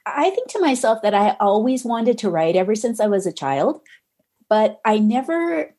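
Mellow-voiced woman guest, earnest and reflective. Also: fairly high pitch, very animated, normal speed. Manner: earnest, reflective, gently reassuring. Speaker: author and guest. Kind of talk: podcast interview conversation.

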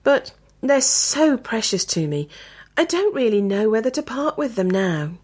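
A woman voicing a smooth-talking woman who poses as a dog breeder, with a well-practised coaxing sales patter. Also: fairly high pitch, big pitch swings, a little slow, a little mellow, voice pushed up, full character voice. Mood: wistful.

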